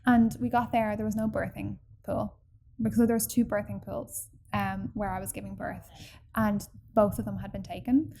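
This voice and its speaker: A woman telling a personal story in casual podcast chat, animated and full of fillers. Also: mid-range voice, moderate pace, vocal fry, a little hiss or hum. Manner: chatty and animated, acts out quoted people, many fillers.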